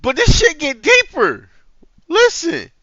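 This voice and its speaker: A man's voice: very high voice, huge pitch swings, slow, sharp tone, no room sound, lo-fi sound. A man hosting a reaction video, talking in a heated, profane, casual way.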